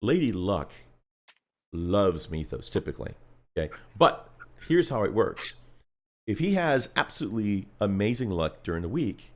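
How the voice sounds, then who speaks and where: A man hosting a casual live stream, telling stories in a lively, rambling way. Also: fairly low pitch, normal speed. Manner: animated storytelling, rambling with restarts.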